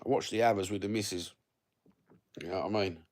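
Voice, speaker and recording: Fifties geezer, very deep voice, laid-back sweary banter with viewers. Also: male voice, fast talker, a little mellow. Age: 50s. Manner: sweary, blokey banter with lots of fillers. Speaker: livestreamer reading viewer comments. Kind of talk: casual rambling chat.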